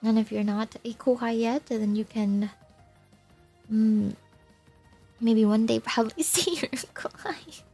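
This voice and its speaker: A young woman streamer talks to her viewers in a slow, gentle way, her voice gravelly with vocal fry. She laughs often and sounds teary as she chats. Faint music plays behind her. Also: a little high. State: crying. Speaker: VTuber streamer. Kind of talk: casual chat with viewers.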